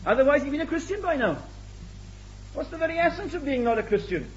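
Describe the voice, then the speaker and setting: A man's voice: very high voice, sing-song, quick pace. A British man preaching a sermon, asking rhetorical questions and acting out the voices he quotes. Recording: dull lo-fi tape recording.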